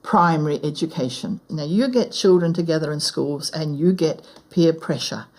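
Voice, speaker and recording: A woman's voice: low-pitched, normal speed, a little mellow, rough recording. A woman with a New Zealand accent explaining as a language expert in a thoughtful interview.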